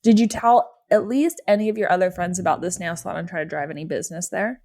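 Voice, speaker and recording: A woman's voice: fairly low pitch, fast talker, a little mellow. A woman co-hosting a comedy podcast, asking teasing, probing questions. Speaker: podcast co-host. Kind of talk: casual chat.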